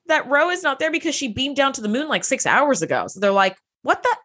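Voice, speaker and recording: A woman's voice: sits high, big pitch swings, fast talker, fairly bright tone. A woman co-hosting a podcast, chatting casually as she recaps a TV episode and acts out lines in character voices. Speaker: podcast co-host.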